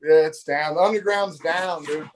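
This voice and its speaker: A middle-aged man, a fishing magazine editor, telling stories on a live show in a lively, laughing way and acting out the dialogue. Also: fairly high pitch, normal speed, slight background noise. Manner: animated, laughing, acts out dialogue. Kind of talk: casual storytelling on a live show.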